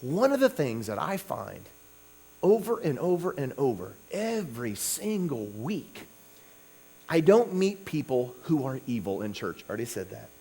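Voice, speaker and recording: In this revival sermon, the preacher talks conversationally at a moderate pace, his medium-pitched voice swinging widely and showing vocal fry. He drops in "okay?" and "you know" often, moving from soft asides to loud, forceful outbursts.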